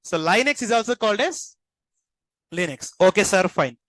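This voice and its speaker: A man delivers a classroom lecture, stopping often to quiz his students with quick questions. His voice sits high for a man. The sound is dry and close, with no room echo. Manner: asks the class frequent check questions. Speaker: instructor.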